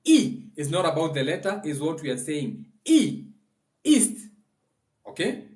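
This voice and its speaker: A man's voice: a little high, a little mellow. Kenyan man teaching in a loose, chatty way. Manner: loose, chatty explaining that drifts between languages and slowly chants phrases. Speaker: spiritual teacher. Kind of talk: casual livestream teaching.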